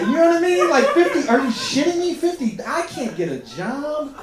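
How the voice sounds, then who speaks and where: A man does stand-up in a loose, self-deprecating, conversational way. His pitch moves a lot, from low mutters up to lively peaks. He sounds like he is on a club stage with a roomy echo and a laughing crowd behind him. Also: normal speed. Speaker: stand-up comedian. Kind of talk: stand-up comedy.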